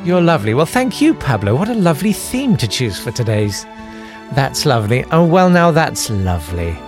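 A man playing a creepy older radio presenter, soft, lingering and falsely sweet. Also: mid-range voice, sing-song, moderate pace, music in the background. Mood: sugary.

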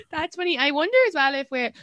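Irish woman comic, podcast host, animated, dry mic. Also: moderate pace, no room sound. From Ireland. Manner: animated, acts out quotes in a high voice. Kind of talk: casual chat.

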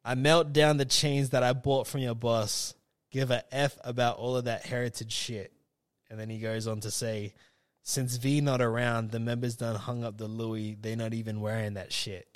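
A man's voice: medium pitch, little pitch movement, normal speed. A man co-hosting a podcast in casual chat, rambling with lots of fillers and restarts. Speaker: podcast co-host.

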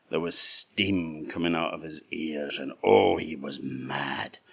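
Deep, slow Orkney storyteller, a man. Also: vocal fry, husky, dry recording. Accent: Orkney Scottish. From Orkney, Scotland. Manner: lively, expressive storyteller. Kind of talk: folk tale storytelling. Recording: dull dry lo-fi recording.

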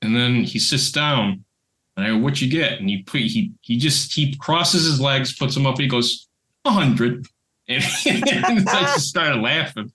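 A man's voice: mid-range voice, very animated, a little slow, sharp tone. A man telling a rambling anecdote in casual podcast chat. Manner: rambling anecdote with restarts and laughter. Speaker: podcast co-host and creator.

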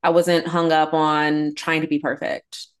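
Relaxed woman podcast co-host. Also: low voice, measured pace. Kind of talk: casual recap chat.

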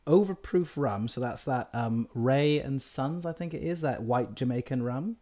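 A man's voice: mid-range voice, normal speed, warm tone. A man hosting a casual chat, talking in a loose, chatty way with frequent laughs and hedging asides.

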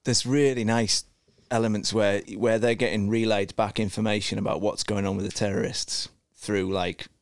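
Low-voiced man, dry close sound. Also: level tone, moderate pace, hardly any pauses, clear, resonant tone, dry recording. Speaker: podcast co-host. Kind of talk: casual chat.

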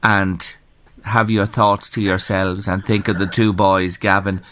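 A man's voice: sits low, level tone, unhurried, a bit bright, slight background noise. An Irish man hosting a radio phone-in show, earnest and sympathetic, reading listener messages aloud into a studio microphone. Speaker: radio talk show host.

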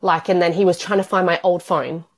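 A woman's voice: on the low side, steady tone, brisk. Earnest woman recounting hard times. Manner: earnest, tumbling run-on storytelling with many "like"s. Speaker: interview guest. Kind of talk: emotional personal interview.

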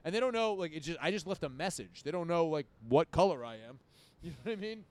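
A man in his thirties tells a drunken story in casual chat, swearing freely and animatedly acting out both sides of the conversation, quoting himself. His voice is a little high and his pace quick.

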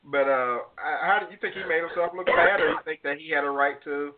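A man's voice: fairly high pitch, fairly quick, over a noisy crowd. A man hosting a casual panel talk, laughing often and prompting his co-hosts with questions. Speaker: host. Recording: phone-like lo-fi audio.

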